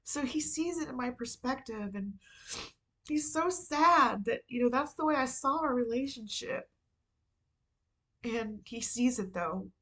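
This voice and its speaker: A woman's voice: fairly high pitch, normal speed, low-quality recording. A woman hosting her own show, talking in a rambling, confessional way, full of "you know" and "like," and swearing casually. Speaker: podcast host. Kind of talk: candid personal vlog monologue.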